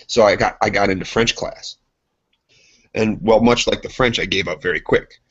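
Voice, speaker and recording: A man with a husky voice tells loose, rambling stories on a casual podcast, and he acts out every voice in them. The audio sounds dull and lo-fi. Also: lowish voice, a little slow, fairly bright tone. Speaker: podcast co-host. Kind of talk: casual chat, storytelling.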